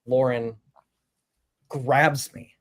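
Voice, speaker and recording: A man casually telling a story in a group chat, acting out quoted lines with big swings in voice. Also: drawn-out words. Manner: animated, acts out quotes with big pitch swings.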